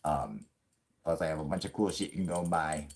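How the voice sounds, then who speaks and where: Late-30s male streamer, low register, profane loose banter, joking and laughing. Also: lively intonation, brisk. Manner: crude, profanity-heavy rambling with frequent laughs; puts on a yelling grumpy old man for jokes. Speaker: live stream host. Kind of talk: casual live-stream chat.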